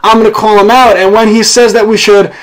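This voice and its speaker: A man's voice: high voice, little pitch movement, fairly quick, fairly bright tone, low-quality recording. A young American man hosting a casual political chat, outspoken and sarcastic. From United States. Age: young adult. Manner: outspoken and sarcastic, swears freely. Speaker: host.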